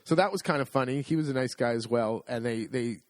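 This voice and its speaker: A middle-aged man telling a story in a casual chat, animated and amused, acting out the lines of the people in it. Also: medium pitch, brisk, dry recording. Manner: animated, amused storytelling with restarts and acted-out quotes. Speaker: podcast co-host.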